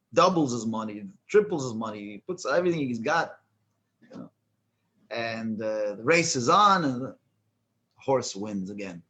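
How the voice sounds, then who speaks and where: A man's voice: mid-range voice, a bit bright. A man who is a rabbi teaching a class, telling a joke and then explaining a prayer with many restarts. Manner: halting, many restarts and fillers, chuckles at his own joke. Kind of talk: storytelling then lecture.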